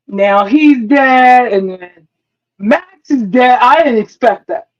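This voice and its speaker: Woman, fairly high voice, unhurried delivery, casual review chat, emphatic, swears, acts out her reactions. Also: lo-fi sound. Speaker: co-host of a TV review show.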